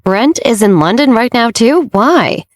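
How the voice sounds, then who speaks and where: A woman's voice: fairly high pitch, huge pitch swings, moderate pace, dry recording, voice pushed up. A male driver speaks in a blunt, joshing way, as a woman narrator puts him on. The audiobook reading is dry and close, with no room around it.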